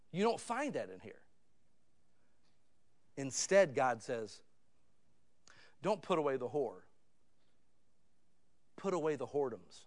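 A male pastor preaching a sermon in a conversational style, dropping to low asides and rising to loud, pleading emphasis.

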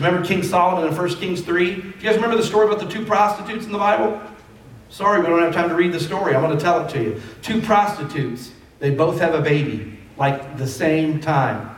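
Male pastor, conversational sermon with emphatic calls, slightly high voice, distant mic in a reverberant sanctuary. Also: slight background noise. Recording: echoey hall from far off.

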